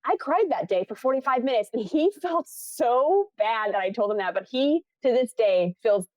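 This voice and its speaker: A woman's voice: on the high side, animated, normal speed, darkish tone, no echo. A young woman from Buffalo, New York, a film assistant director, telling a story in a casual interview. She acts out the people she quotes and laughs often.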